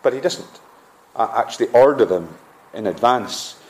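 A man's voice: medium pitch, animated, moderate pace, a little mellow, echoey room. A man preaching a sermon with earnest emphasis, often restarting with "uh". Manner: earnest, rising emphasis on key phrases, frequent "uh" restarts.

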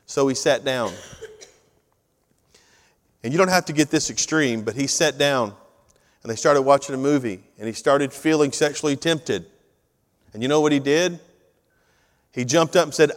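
A man's voice: medium pitch, normal speed, long pauses. Man preaching in a reverberant hall. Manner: conversational, animated storytelling. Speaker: pastor. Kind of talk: sermon. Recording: long reverb of a large hall.

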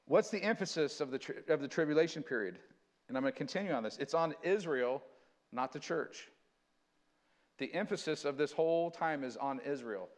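A man preaching a sermon, switching between earnest conversational teaching and slow, dramatic scripture reading. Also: a little high, animated. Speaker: pastor.

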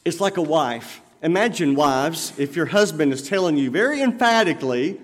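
A man's voice: a little high, expressive, brisk. A man preaching a sermon as pastor, in a conversational way full of everyday examples. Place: church sanctuary. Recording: long reverb of a church hall.

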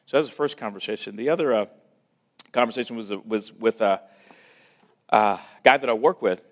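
A man giving a church talk, telling a personal story in a preaching style and acting out quoted voices, loud one moment and hushed the next. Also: lowish voice, normal speed.

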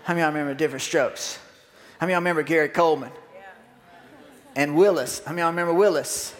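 A man's voice: on the high side, very fast. A man, preaching a sermon as pastor and asking the congregation to respond. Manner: animated, call-and-response with congregation. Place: church sanctuary. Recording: long hall reverb.

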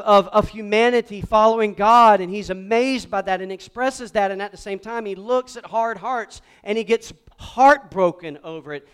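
A pastor preaching a lively sermon to a congregation and calling on them to repeat words back. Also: male voice, sits high, smooth. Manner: animated preaching with call-and-response to the congregation. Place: church sanctuary before a congregation.

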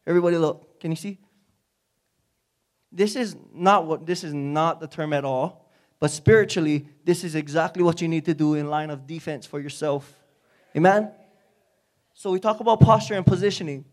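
A man preaching a sermon to a congregation, energetic and calling out to the room. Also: a little high, normal speed, long pauses. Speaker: speaker at a church service. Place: church before a congregation.

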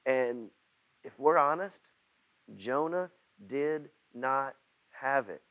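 A man preaching a sermon to his church. He halts and repeats words, then gets loud when he acts out prayers. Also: medium pitch, expressive, slow pace, muffled recording. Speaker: pastor.

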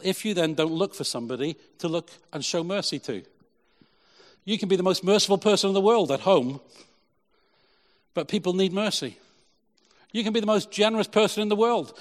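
A man preaching a lively sermon as pastor, then leading a prayer with many repeats of "Lord". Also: high-pitched, fairly quick. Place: church hall. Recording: long church hall reverb.

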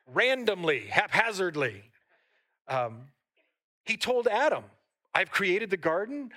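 A pastor delivering a sermon in a high, bright voice. He preaches with lively asides to the congregation. He also reads long scripture passages aloud.

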